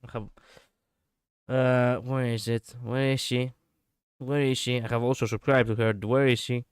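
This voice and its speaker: Male VTuber streamer, casual and chatty, smooth clear voice, dry close mic. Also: medium pitch, little pitch movement, measured pace, dry recording. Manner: rambling, chatty, laughs often, self-correcting. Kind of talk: casual livestream chat reading viewers.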